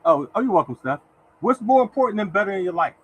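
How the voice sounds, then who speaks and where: A man's voice: sits high, animated, fast talker, fairly bright tone, slight background noise, rough recording. A man hosting a casual livestream, talking in a repetitive, exhortative way and turning now and then to thank viewers in the chat by name. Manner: repetitive and exhortative, keeps addressing listeners as y'all. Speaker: livestream host giving lottery picks. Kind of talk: casual motivational livestream talk.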